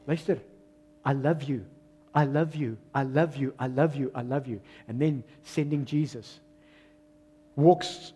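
High-voiced South African preacher. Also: male voice. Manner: switches into Afrikaans, lively preaching with loud rises and quiet drops. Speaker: pastor. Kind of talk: sermon.

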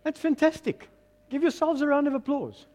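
A man's voice: extremely high pitch, normal speed. A middle-aged man with a South African accent preaching a sermon, coaxing his congregation to answer back. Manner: lively, coaxing call-and-response with the congregation. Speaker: pastor.

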